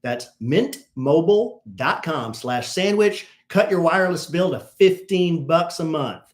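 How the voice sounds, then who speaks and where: A man's voice: on the high side, expressive, a little slow. Guy reading listener mail on a podcast, playful, voice jumps around a lot. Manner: playful, reads listener letters aloud. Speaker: podcast co-host. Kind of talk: casual chat.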